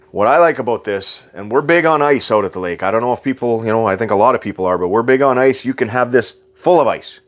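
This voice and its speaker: A man's voice: mid-range voice, slight background noise. A man giving an enthusiastic, joking sales walkthrough inside a travel trailer, repeating his selling points.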